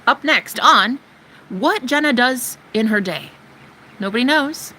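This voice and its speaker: A brash woman streamer rants in a casual, profane, sarcastic way. Her voice is bright and sharp, and her pitch jumps all over with very animated delivery. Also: slow pace, a little hiss or hum, poor audio. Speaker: live streamer. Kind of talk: casual ranting livestream.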